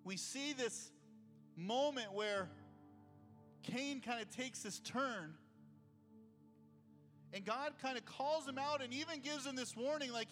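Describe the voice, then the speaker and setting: A man's voice: very high voice, takes it slowly, pauses often, fairly bright tone, big-room sound, soft background music. A male pastor preaching a conversational sermon and reading scripture aloud, heard in a church sanctuary.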